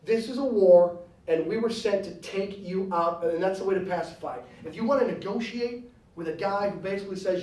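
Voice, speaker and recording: A man's voice: sits high, fairly quick, darkish tone, reverberant, far from the mic, rough recording. A man giving a blunt, joking and combative speech to students at a university. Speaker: guest speaker. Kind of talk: animated campus speech. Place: university lecture hall.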